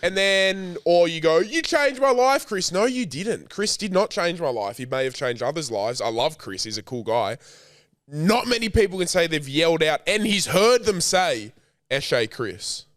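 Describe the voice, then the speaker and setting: A man's voice: a little high, normal speed, a bit bright, no echo. A young Australian man in casual podcast banter, teasing and swearing a lot. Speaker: co-host.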